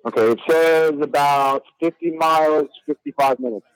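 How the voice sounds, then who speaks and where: Easygoing caller from New York. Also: male voice, fairly high pitch, very animated, normal speed, vocal fry, smooth, dry recording, low-quality recording. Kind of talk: casual chat.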